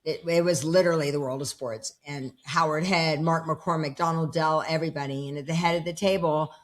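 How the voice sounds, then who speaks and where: Speaking fairly quickly in a low-pitched voice with fairly even intonation, this personal development coach in her fifties recounts her story during a casual at-home interview. She acts out the dialogue while her dogs are around her.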